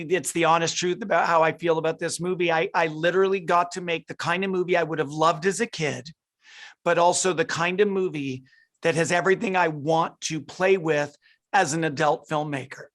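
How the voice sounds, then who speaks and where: A middle-aged film director eagerly answers interview questions over a video call, restarting his sentences and repeating words as he thinks. His voice is fairly high and fairly bright, with a steady tone and a normal speed.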